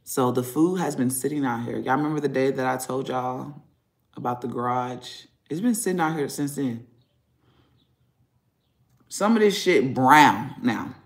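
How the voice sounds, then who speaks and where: A man's voice: mid-range voice, normal speed, creaky. A man vlogging at home, venting angrily in a profane, rambling rant from his garage. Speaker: family vlogger. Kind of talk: casual vlog rant. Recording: echoey garage room.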